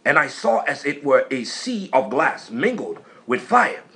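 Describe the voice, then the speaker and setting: Man reading scripture with lively pitch. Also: a little slow. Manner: plain steady reading, answers the preacher's prompts. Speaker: scripture reader. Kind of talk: reading scripture aloud in a sermon.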